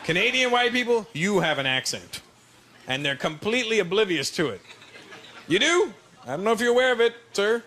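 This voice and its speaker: A man doing a stand-up routine on stage, talking straight to the crowd in an animated, confiding way. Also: high voice, fairly quick. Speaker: stand-up comedian. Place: stage in front of a live audience. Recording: noisy played-back stand-up clip.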